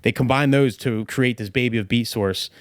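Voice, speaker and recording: A man's voice: mid-range voice, moderate pace, smooth, dry recording. Male podcast guest, 30s, a DJ talking shop, casual and profane, dry mic. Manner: loose, profane, rambling with many fillers. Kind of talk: casual interview chat.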